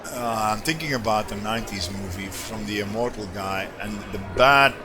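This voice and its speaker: A man's voice: on the low side, normal speed, over music. A male streamer in casual gameplay commentary, rambling and joking as he reads game text aloud. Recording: steady background noise.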